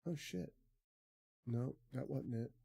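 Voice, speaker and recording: Speaking into a desk mic on an arm, a male livestreamer chats casually from home in a dark, mellow, mid-range voice with a gravelly edge. He talks slowly, muttering to himself and letting phrases trail off while he works through settings.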